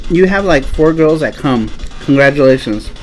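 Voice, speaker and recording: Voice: medium pitch, animated, moderate pace, soft background music, low-quality recording. A live-stream host chatting casually with a co-host, teasing and joking while hopping between topics.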